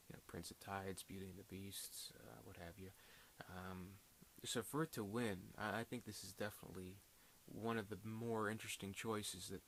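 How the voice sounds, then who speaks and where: Rambling low-voiced man reviewing a film. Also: slight background noise. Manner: rambling, full of fillers and restarts. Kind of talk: casual video review.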